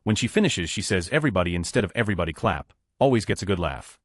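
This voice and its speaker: Low guy reading reddit-style stories quick, lively pitch, dry close sound. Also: dry recording. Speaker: narrator. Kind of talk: scripted narration of online stories.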